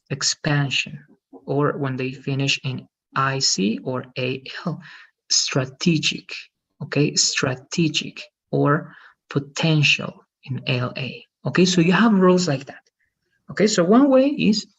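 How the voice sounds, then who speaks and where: Gravelly male English teacher, patient. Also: on the high side, highs cut off. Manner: patient, explanatory, checks with "okay?" and "right?". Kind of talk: online English lesson.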